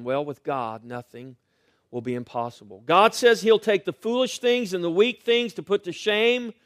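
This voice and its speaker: A middle-aged male pastor preaching a sermon, swinging between loud rising lines and quiet, hushed refrains. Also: high-pitched, no echo, clean studio sound.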